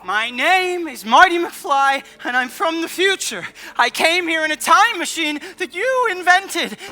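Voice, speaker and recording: A man's voice: very high voice, lively intonation, unhurried, sharp tone, heavily acted. An actor playing a nervy teenage boy who travels in time, in a stage musical, with a jittery, startled delivery.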